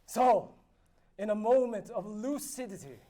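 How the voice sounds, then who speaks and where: A man's voice: high-pitched, a little slow, mellow. A man playing a boastful male noble who spins absurd, grandiose tall tales in a theatrical storytelling manner. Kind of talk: improvised tall-tale role-play. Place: live convention panel room.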